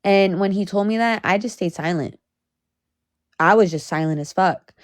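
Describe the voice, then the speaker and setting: A woman's voice: medium pitch, moderate pace, dry recording, studio quality. A young woman telling a storytime on her vlog, blunt and profane, talking in a heated rant. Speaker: vlogger.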